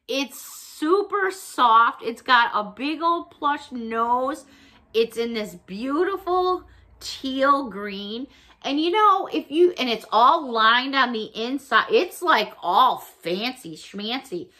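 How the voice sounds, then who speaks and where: A high, bright woman's voice that leaps all over the place as she gushes over each find. She talks in a casual, excitable way, squealing with delight. She is from the United States. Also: slow pace. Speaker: vlogger showing a shopping haul. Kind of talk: casual haul video talk.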